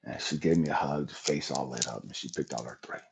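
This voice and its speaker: A man's voice: extremely low pitch, steady tone, fairly quick, vocal fry, noisy background. A man hosting a livestream, telling an emotional personal testimony in a raw, profane storytelling manner. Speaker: livestream host.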